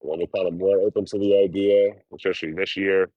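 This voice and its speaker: A man's voice: low voice, steady tone, a little fast, dry recording, highs cut off. A man chatting casually with his livestream viewers, rambling and swearing as he talks about life on the road. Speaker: livestreaming traveler.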